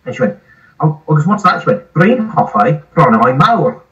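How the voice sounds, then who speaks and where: A man's voice: a little high, normal speed, distant mic, lo-fi sound. A man who runs a site, telling stories in casual, swearing podcast talk. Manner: swears freely, animated storyteller. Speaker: airsoft site owner, guest.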